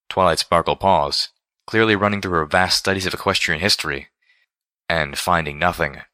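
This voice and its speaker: Male story reader, very low pitch, bright forward tone, steady storytelling. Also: moderate pace, dry recording, studio quality. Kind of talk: fan fiction read aloud.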